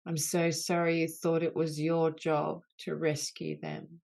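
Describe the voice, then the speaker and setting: A woman leading a guided healing session on an online group call, speaking in slow, soothing, repeated phrases. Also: sits low, monotone, gravelly, darkish tone.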